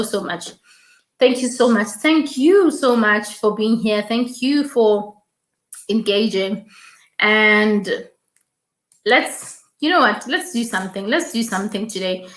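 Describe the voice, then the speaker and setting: A woman's voice: on the high side, echoey room. A woman hosting a casual YouTube live stream, chatting, reading viewer comments aloud and repeating her thanks.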